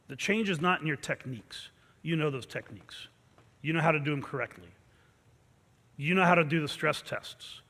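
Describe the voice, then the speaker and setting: A man's voice: on the high side, bright, forceful tone. A man, a martial arts instructor, giving an intense motivational pep talk to his students and leading them in call-and-response chants. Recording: long reverb from a large hall.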